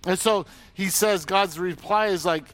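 A man's voice: high voice, measured pace, fairly bright tone, no echo. A man preaching a sermon in a casual, conversational way, acting out people's complaints and God's replies. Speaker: pastor.

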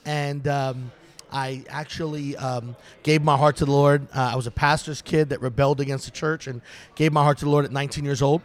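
A middle-aged man from New City, a pastor telling his story in a relaxed, self-deprecating interview chat. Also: mid-range voice, a little fast. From New York City. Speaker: guest pastor and ministry director.

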